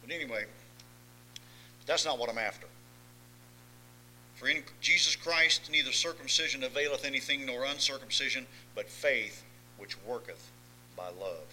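A man preaching a sermon, swinging between soft asides and loud emphatic lines, often asking the congregation if they follow. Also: medium pitch, moderate pace, long pauses, slight background noise, rough recording. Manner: folksy, asks listeners if they follow.

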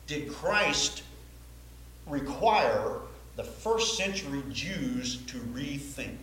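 A man's voice: fairly high pitch, expressive, takes it slowly, sharp tone, a little hiss or hum. A man preaching a sermon to a Baptist congregation, emphatic and repetitive, often asking the listeners questions. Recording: very echoey hall, faint ambience.

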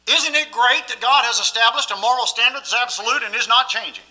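A man's voice: very high voice, brisk, pushed and bright, rough recording. A man preaching a sermon as pastor, emphatic and often asking the listeners questions.

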